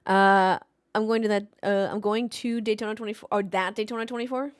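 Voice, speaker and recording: A woman streams a race watchalong, speaking casually and briskly into a desk mic in a medium-pitched voice. She jokes around and answers her live chat in a playful, chatty manner.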